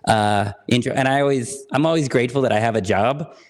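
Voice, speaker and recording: A man's voice: mid-range voice, brisk. A man from California, talking in a chatty, light-hearted way as a guest on a podcast interview. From California, United States.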